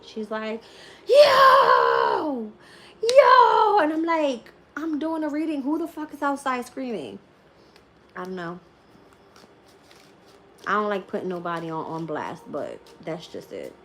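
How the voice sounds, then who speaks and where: A woman chatting casually on a live stream as a tarot reader, laughing often and swearing freely as she tells animated stories. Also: fairly low pitch, slight background noise.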